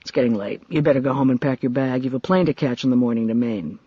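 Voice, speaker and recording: Weary, dry-spoken spy chief, low and calm, voiced by a male narrator, slightly dull audio. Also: slightly rough, no room sound, close to an everyday voice. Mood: weary, sober. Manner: dry, measured, low-key.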